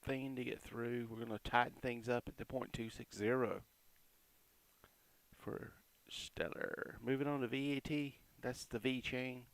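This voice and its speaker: A man talks through crypto price charts in a relaxed, chatty way, reeling off support and resistance numbers between quick asides. His voice has a gravelly, fry-edged grain. The recording is dry and close, with no room sound. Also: medium pitch, no echo. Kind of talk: casual market commentary over charts.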